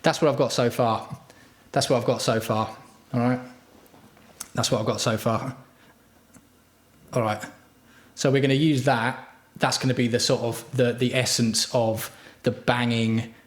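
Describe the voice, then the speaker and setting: Profane, rambling man, roomy room. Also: medium pitch. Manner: profane, crude, self-mocking storytelling. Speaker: livestream host. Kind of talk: rambling casual livestream chat.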